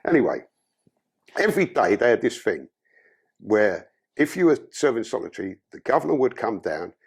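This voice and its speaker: Gravelly, husky man. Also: medium pitch, sing-song, moderate pace. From London. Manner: blunt, profane storytelling. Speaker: podcast guest. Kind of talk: candid life-story interview.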